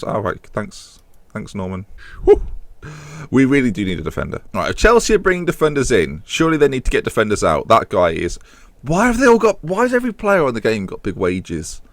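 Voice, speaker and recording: A young British man talks through a management game in a low voice, close to the mic in a dry room. He rambles casually and mocks his own choices. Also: sing-song, quick pace, no echo. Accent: British English. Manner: self-mocking, chatty, puts on silly high voices for imagined characters. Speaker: gaming YouTuber.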